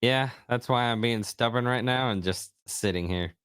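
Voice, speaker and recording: A man's voice: mid-range voice, moderate pace, a bit bright, smooth, dry recording, clean studio sound. A man co-hosting a podcast, chiming in with wry jokes in casual chat. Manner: wry, joking interjections. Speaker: podcast co-host.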